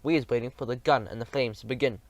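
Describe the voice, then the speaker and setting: A man voicing a big friendly giant who speaks in mangled grammar, often hushed. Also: mid-range voice, fast, dry recording, close to an everyday voice. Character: big friendly old giant, gentle and quaint.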